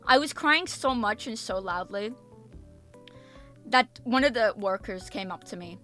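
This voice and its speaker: A woman streamer telling a story in a casual chat, animated and emphatic, swearing freely and repeating herself. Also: medium pitch, measured pace, soft background music. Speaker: VTuber streamer.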